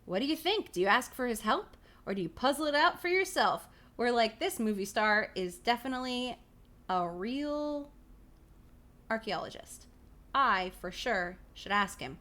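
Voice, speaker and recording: A woman's voice: on the high side, lively intonation, normal speed, sharp tone. A woman livestream host reading a choose-your-own-adventure book aloud, playful, laughing often and casually swearing. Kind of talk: reading aloud with live commentary.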